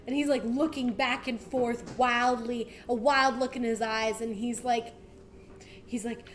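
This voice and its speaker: A woman narrating a tabletop game as game master, relaxed and full of fillers. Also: fairly high pitch, a little slow, a little hiss or hum.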